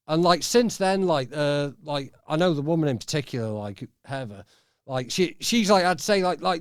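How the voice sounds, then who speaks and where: Male podcast host, casual, rambling, sweary, somewhat high-pitched, dry close studio sound. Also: expressive, moderate pace, no room sound. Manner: rambling and sweary, full of fillers. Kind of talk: casual chat.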